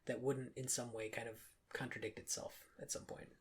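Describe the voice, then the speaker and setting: A woman's voice: extremely low pitch, flat delivery, brisk, a little mellow, slightly rough. A young woman co-hosting a podcast in casual chat, talking with lots of fillers and laughing often. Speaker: podcast co-host.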